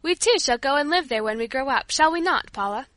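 A woman's voice: high voice, lively intonation, a little fast, fairly bright tone, no echo. Woman playing an eager little girl. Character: eager young girl, the storyteller as a child.

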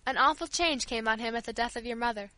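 A woman's voice: fairly high pitch, quick pace, pushed and bright, dry recording, poor audio. Woman doing a kindly old servant woman. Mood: tender. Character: kindly old female family servant, devoted.

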